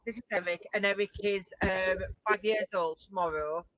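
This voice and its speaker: A woman joins a video call with a question about her dogs. She talks in a chatty, informal way at a middle pitch. The call audio is dull and lo-fi. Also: steady tone, normal speed, fairly bright tone. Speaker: dog owner asking a question. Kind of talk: casual chat on a video call.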